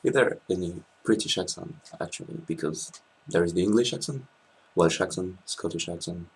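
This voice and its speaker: A man with a French accent, a guest in a casual interview, explaining things in a thoughtful, halting way. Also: sits low, vocal fry, husky. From France.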